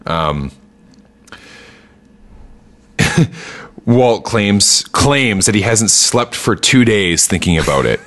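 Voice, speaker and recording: A man's voice: lowish voice, lively intonation, very slow, pauses often, a bit bright, slight background noise. A man casually recapping a TV episode on a podcast, rambling with lots of fillers and acting out quoted lines. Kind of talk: casual chat.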